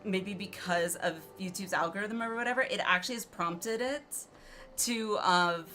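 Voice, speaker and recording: A woman's voice: mid-range voice, normal speed, pushed and bright. A young woman streamer chatting casually over her gameplay, giggly and rambling with lots of fillers. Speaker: game streamer. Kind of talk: casual let's-play commentary.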